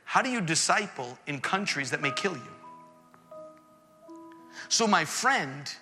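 Animated preacher in an echoey hall. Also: male voice, fairly high pitch, a little slow. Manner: animated, jumps into quoted voices and rises to near shouts. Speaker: pastor. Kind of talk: sermon. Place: church auditorium. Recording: echoey hall with faint music behind.

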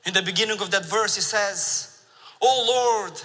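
Bright-voiced man preaching in a hall. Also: high-pitched, unhurried. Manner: animated storytelling with laughs. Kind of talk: sermon. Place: large church sanctuary. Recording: long reverb of a large church hall.

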